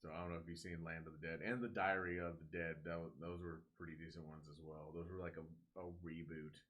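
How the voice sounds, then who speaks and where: Young man, low pitch, bright tone, casual podcast chat, animated, swears a lot. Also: fast. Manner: animated storyteller, swears a lot, acts out voices. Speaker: podcast co-host.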